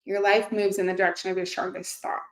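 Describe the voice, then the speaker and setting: A woman's voice: mid-range voice, level tone, fast. A woman in her thirties talking earnestly and casually to her viewers, with many fillers and restarts. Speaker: host. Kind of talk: casual motivational talk to camera. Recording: echoey room.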